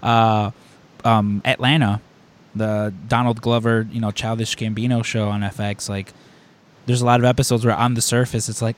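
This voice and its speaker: A man's voice: fairly low pitch, brisk. Rambling male podcast host. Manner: rambling, heavy on filler words; animated storyteller. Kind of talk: casual chat.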